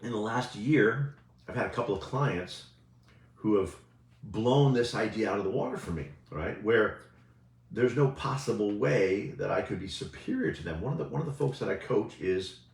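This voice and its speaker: A man's voice: fairly low pitch, expressive, normal speed, gravelly. A male coach giving a casual motivational talk, talking conversationally and often asking "right?" as he goes. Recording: roomy echo.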